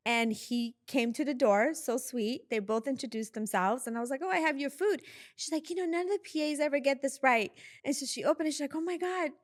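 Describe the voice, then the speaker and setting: A woman guest telling stories in a casual interview, animated and often laughing as she acts out what people said. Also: high voice, brisk, dry recording, studio quality. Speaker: guest, reality TV producer.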